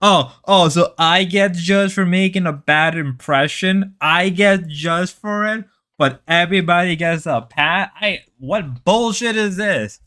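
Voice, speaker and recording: Bright, jokey male streamer. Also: high voice, measured pace. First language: Spanish. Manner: rambling, jokey, slips into mock voices. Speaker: livestream host. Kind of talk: casual stream chat with viewers.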